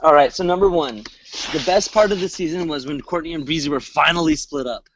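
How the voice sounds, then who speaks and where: A man's voice: fairly high pitch, brisk, a bit bright, a little hiss or hum. Chatty man on a lo-fi call. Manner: chatty, laughs often. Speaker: former contestant. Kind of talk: casual group chat. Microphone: video call. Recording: dull lo-fi call audio.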